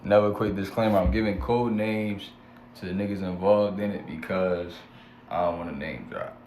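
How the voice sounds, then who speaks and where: A man's voice: deep voice, fairly even intonation, moderate pace, a little mellow. A young man telling his own story in a casual, slangy rant, acting out both sides of each exchange. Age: young adult. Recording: echoey room with faint background hum.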